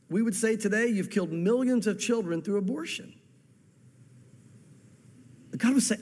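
Man, pastor, fervent sermon, high voice, long hall reverb. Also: animated, moderate pace, pauses often, a little mellow. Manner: fervent preacher, repeats words and quotes scripture with emphasis.

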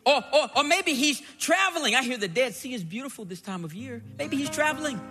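A man preaching a sermon, dramatic, acting out the scripture story with shouted lines and playful asides. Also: very high voice, animated, brisk, in a large hall, music in the background.

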